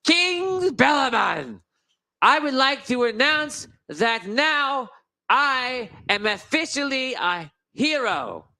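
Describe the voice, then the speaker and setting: A man voicing a pompous male gnome lord who designs suits, talking slowly and self-importantly. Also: very high voice, very animated, bright, forceful tone, pitched above the performer's own voice, full character voice. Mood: proclaiming. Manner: slow, stately and self-important.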